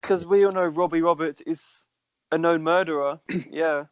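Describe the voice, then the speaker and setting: A young man with a higher voice, cutting in with teasing remarks. The recording is dry and a bit dull. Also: fairly even intonation, no room sound. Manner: quick teasing interjections, repeated "no, no". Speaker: podcast co-host. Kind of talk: casual chat.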